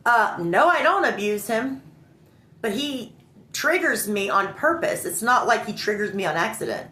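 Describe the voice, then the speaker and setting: A woman's voice: fairly high pitch, moderate pace, slight background noise. Indignant woman retelling a story, echoey. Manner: animated, indignant, acts out dialogue. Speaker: vlogger telling a personal story. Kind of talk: emotional storytelling. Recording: roomy echo.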